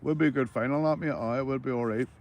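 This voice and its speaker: A man's voice: medium pitch, fast. A Northern Irish man chatting casually to livestream viewers while fishing, easygoing and full of banter, swearing freely and calling everyone mate. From Northern Ireland. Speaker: livestreaming angler.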